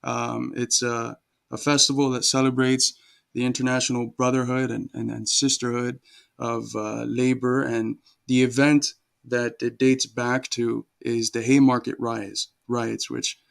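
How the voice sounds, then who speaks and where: A man's voice: medium pitch, flat delivery, measured pace, gravelly. A man hosting a casual livestream, greeting viewers from the chat by name one after another and then explaining a holiday. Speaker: livestream host.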